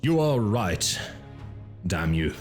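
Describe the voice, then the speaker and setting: A man voicing a proud, grim mercenary captain in an audiobook, speaking in a grating, stern voice a little higher than his narration. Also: very animated, takes it slowly, faint music behind. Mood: grudging.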